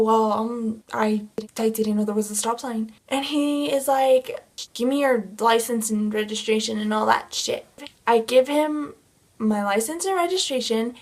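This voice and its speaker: A young woman vlogger animatedly retelling a personal story in a casual storytime, with many filler words. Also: a little high.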